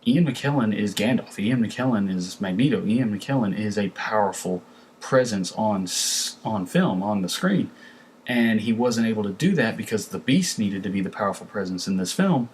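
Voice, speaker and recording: A man's voice: fairly low pitch, animated, moderate pace, a little hiss or hum. A man reviewing a film in a casual, rambling way, with many fillers and restarts. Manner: conversational, lots of fillers and restarts. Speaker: movie reviewer.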